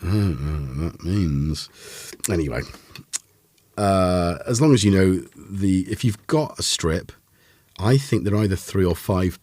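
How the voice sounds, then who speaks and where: Deep-voiced rambling synth-stream host. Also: male voice, a little slow, darkish tone, dry recording. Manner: rambling, full of fillers and self-corrections. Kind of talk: casual live demo chat.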